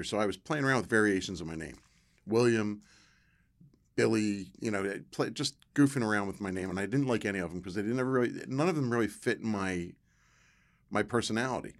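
A middle-aged man, a podcast guest telling stories in a casual, animated way and acting out the voices of the people in them. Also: on the low side. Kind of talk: casual storytelling.

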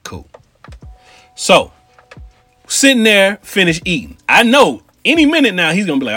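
A man from Cincinnati telling a casual story in street slang, with animated asides to his listeners. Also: high voice, moderate pace, no echo, faint music behind.

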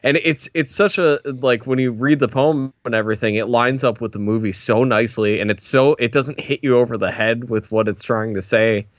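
A man's voice: medium pitch, fairly quick, hardly any pauses, no room sound, highs cut off. A man cohosting a movie podcast, enthusiastic and stammering through restarts as he talks. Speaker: podcast co-host. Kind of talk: casual movie discussion.

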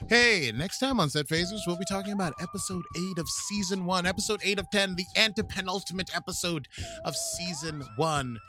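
A man's voice: high voice, huge pitch swings, brisk, noisy background. A man co-hosting a podcast, signing off in a rambling, playful way with lots of filler words. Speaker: podcast co-host. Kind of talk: casual podcast outro chat.

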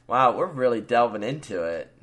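A man's voice: mid-range voice, animated, normal speed, a bit bright. A man hosting a podcast, talking casually with frequent fillers and chuckles, then reading his own story aloud. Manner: laid-back, chuckling, many fillers. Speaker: podcast host.

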